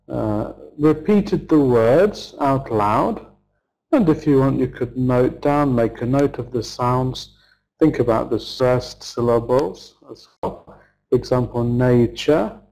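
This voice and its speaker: Slow, mellow male English teacher. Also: medium pitch, vocal fry, low-quality recording. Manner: slow, deliberate, modelling words for repetition. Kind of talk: pronunciation lesson, slow drills.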